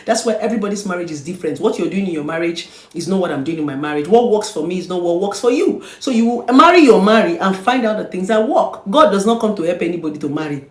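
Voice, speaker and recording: A woman's voice: fairly low pitch, animated, fast, hardly any pauses. Scolding Nigerian woman, echoey room. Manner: scolding rhetorical questions, swings from loud to quiet. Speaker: relationship therapist. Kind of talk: preaching-style monologue to camera.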